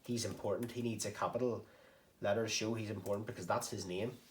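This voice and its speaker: A primary school teacher with a fairly low voice, walking young pupils through a story they are writing. He is encouraging and explains each point patiently, one step at a time. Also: steady tone, quick pace, slight background noise. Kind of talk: recorded home-learning lesson.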